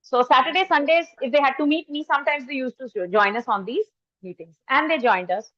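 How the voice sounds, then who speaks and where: Indian English woman trainer, high voice, chatty storytelling lecture, muffled lo-fi sound. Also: fairly quick, a bit bright. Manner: storytelling, switches into Hindi, addresses the audience directly. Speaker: faculty trainer. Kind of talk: anecdotal lecture. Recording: dull lo-fi recording.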